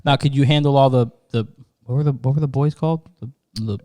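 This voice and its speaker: A man co-hosting a podcast in casual chat, animated and drawn out, often restarting while searching for words. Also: medium pitch, fast talker. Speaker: podcast co-host.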